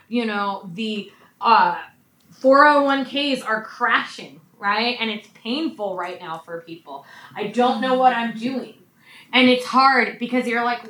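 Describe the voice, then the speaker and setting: Bright-voiced woman preaching in an echoey room. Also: on the high side. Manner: conversational, frequent "right?" asides. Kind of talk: sermon. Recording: echoey room, mic at a distance.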